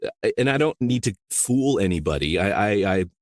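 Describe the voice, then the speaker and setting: A man from rural Iowa with a very low voice talks shop as an interview guest. He rambles easily, circling back with "you know" and restarting thoughts. The sound is close and dry. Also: expressive, normal speed, no room sound. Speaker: audiobook narrator, guest. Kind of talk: casual interview chat.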